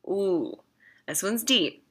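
A woman's voice: medium pitch, lively intonation, slow pace, breathy edge. A woman talking casually to viewers about faith, earnest and emphatic, repeating phrases for stress. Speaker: Christian vlogger.

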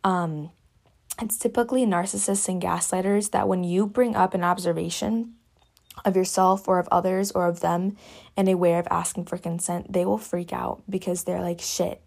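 A young woman hosting a reflective solo talk from her cabin, speaking softly and haltingly, often dropping to a whisper. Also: on the low side, steady tone, vocal fry. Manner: soft-spoken, halting, often drops to a whisper. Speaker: podcast host.

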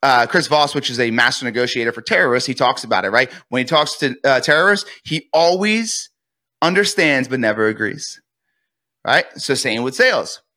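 A man's voice: mid-range voice, animated, normal speed, bright, forceful tone. A man, a real estate coach, speaking as a podcast guest and energetically acting out sales call scripts.

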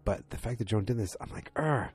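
Male recapper, low pitched, loose rambling delivery, raspy. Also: fairly even intonation, fast talker, warm tone. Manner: rambling, many fillers and restarts, acts out quotes. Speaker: TV episode recapper. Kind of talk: casual spoken recap.

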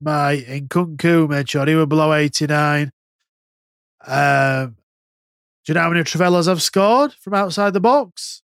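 Guy chatting on a podcast, kinda high voice, swears a lot, dry close mic. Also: a little slow, vocal fry, smooth, dry recording. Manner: swears freely, rambling and animated. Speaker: podcast co-host. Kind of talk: casual chat.

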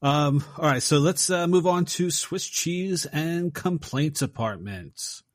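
A man's voice: fairly high pitch, animated, slow, no room sound. A man co-hosting a movie podcast, agreeable and steering the segments. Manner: dry, agreeable, runs segments. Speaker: podcast co-host. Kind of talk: casual podcast chat.

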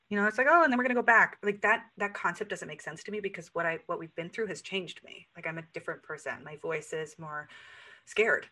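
Low bright-voiced woman podcast host. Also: low-quality recording. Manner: earnest and searching, many "like" fillers, voice rising when quoting herself. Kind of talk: casual conversational podcast chat.

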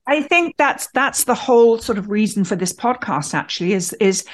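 A woman co-hosting a podcast, telling stories in an animated, chatty way. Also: medium pitch, moderate pace. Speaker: podcast co-host. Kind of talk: conversational podcast chat.

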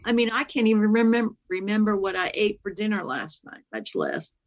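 Woman guest, earnest halting storyteller, mid-range voice. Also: medium pitch, very animated, muffled recording. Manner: earnest, halting, with many restarts and retold dialogue. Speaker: guest telling a personal story. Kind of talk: emotional first-person storytelling.

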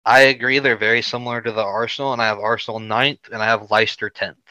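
A man's voice: medium pitch, steady tone, quick pace, bright, forceful tone, no room sound, rough recording. A man co-hosting a casual sports podcast, giving blunt opinions with hesitant fillers. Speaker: podcast co-host. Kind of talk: casual chat.

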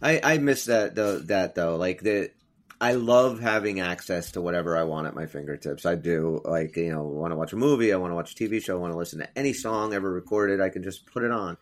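Low-voiced man hosting a podcast. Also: brisk. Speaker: podcast host. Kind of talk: casual sports podcast chat.

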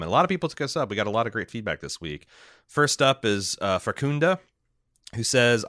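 A man co-hosting a podcast in casual chat, recapping an episode and reading listener mail, with halting speech full of fillers and restarts. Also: mid-range voice, lively intonation, pushed and bright, no echo, studio quality. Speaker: podcast co-host.

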